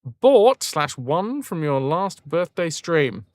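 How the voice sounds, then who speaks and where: A man streaming a game live, chatting to his viewers and cursing at the screen when it goes badly. His voice bounces around in pitch, full of life, and sounds close and dry on the mic. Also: big pitch swings, slow, dry recording. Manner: chatty, talks to viewers, swears when frustrated. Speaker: livestream gamer. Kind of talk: casual live-stream commentary.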